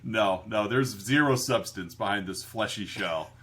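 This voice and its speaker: A man's voice: fairly low pitch, measured pace, crowd noise. A man co-hosting a podcast in casual chat, laughing often and quoting movies. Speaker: podcast co-host.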